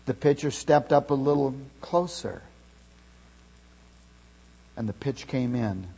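Slow-speaking preacher in an echoing hall. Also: male voice, medium pitch, husky. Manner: storytelling, rising to loud calls in the tale. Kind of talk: sermon. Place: church sanctuary. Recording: long reverb of a large hall.

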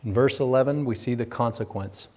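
Middle-aged man, pastor, sermon delivery; mid-range voice, emphatic builds, quiet asides. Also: mid-range voice, brisk. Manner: emphatic, swinging from raised intensity to quiet confiding.

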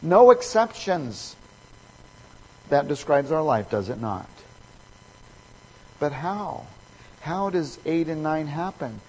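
A man's voice: fairly high pitch, sing-song, slow pace, long pauses, darkish tone, long reverb tail, a little hiss or hum, rough recording. A man preaching a sermon, emphatic and fond of repeating key phrases for effect.

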